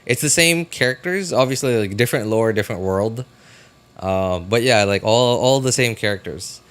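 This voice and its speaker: A man's voice: fairly low pitch, animated, normal speed, a bit bright, clear, resonant tone. A man streaming a live reaction, chatting casually and rambling with many fillers and restarts.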